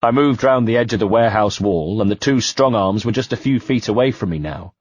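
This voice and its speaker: A man narrating an audiobook in the first person, measured and quietly tense. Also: lowish voice, husky, no echo. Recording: dull dry home-studio sound.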